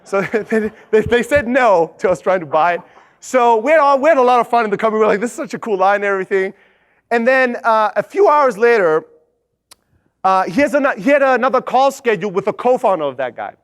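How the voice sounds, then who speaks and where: High-voiced animated man telling a story. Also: a little fast. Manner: animated, swears, acts out quoted voices. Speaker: conference speaker. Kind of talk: energetic storytelling talk. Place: conference stage.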